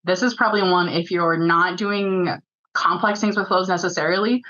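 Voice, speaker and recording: A woman's voice: lowish voice, steady tone, bright, forceful tone, dull audio. A woman co-leading a user group, giving an upbeat, chatty webinar presentation on a video call. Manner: chatty, quick-talking, upbeat explainer.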